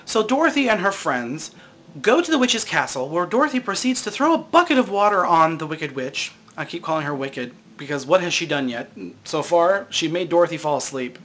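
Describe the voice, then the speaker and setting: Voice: mid-range voice, very animated, a little fast, a bit bright. A vlog host delivering a sarcastic, profane comedic rant to camera and laughing often.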